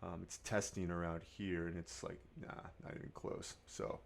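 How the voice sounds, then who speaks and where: A man giving casual market commentary as a day trader, mumbling quietly over his charts at times and firing up into a loud, swearing pep talk at others. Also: sits low, little pitch movement, moderate pace, creaky.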